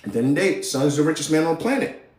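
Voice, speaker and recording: A man's voice: a little high, sing-song, rapid-fire, darkish tone, echoey room. A man hosting a live show, ranting about politics in a heated, slangy, profane way. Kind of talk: casual political rant.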